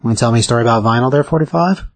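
A man's voice: mid-range voice, rapid-fire, no room sound. A man co-hosting a casual comic book chat, giving chatty recommendations with hedging, unsure asides. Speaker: comic book show co-host.

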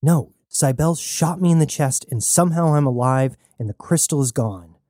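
A man voicing a fierce young woman rebel on a starship, blunt and profane, in a mellow voice. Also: fairly high pitch, normal speed, dry recording, studio quality, lightly acted. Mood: urgent.

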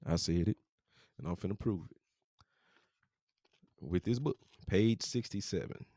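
A man with a low, mellow voice hosts a podcast, reading book passages aloud and breaking in with casual, profane remarks. The sound is dry and close, with no room behind it. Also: measured pace, no room sound. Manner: casual, profane asides between quotes. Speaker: podcast host.

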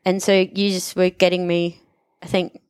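A woman's voice: on the low side, flat delivery, normal speed, a little mellow, clean tone, dry recording, studio quality. A woman in casual conversation, candidly and emotionally telling a personal story of recovery. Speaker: gym member telling her recovery story.

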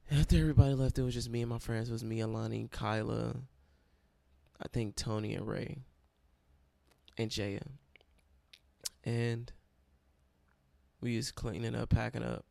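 A man's voice: mid-range voice, steady tone, normal speed, creaky, long pauses, mellow, dry recording. A young man who leads a college Bible study, telling his own story with emotion and close to tears. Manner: emotional and self-described dramatic, near tears. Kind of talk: personal testimony storytelling.

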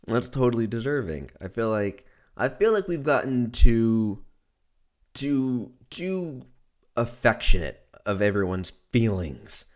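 A hoarse man with a very low voice rants loosely as a podcast host, swearing freely and cracking himself up. His delivery is offhand and conversational, one riff rolling into the next. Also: a little mellow. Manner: profane, joking, riffs with laughter. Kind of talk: casual podcast rant.

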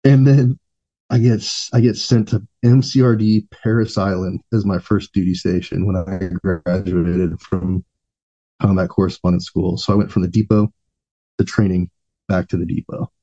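A man's voice: sits low, flat delivery, normal speed, dark tone, husky, muffled recording. A man, a veteran podcast guest, telling long profane anecdotes in a laid-back, rambling way. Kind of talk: casual storytelling.

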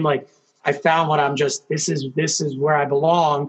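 A man telling his story as an interview guest, animated, acting out what people said, with lots of fillers. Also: fairly high pitch, moderate pace. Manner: animated storyteller, acts out quotes, many fillers. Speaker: guest, hockey coach and former player.

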